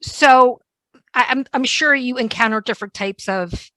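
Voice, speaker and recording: A woman's voice: fairly high pitch, sharp tone, no room sound. A woman podcast host with a New York accent, chatty and playful, asking questions in a casual interview. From New York / New Jersey area. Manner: fast-talking, chatty, playful.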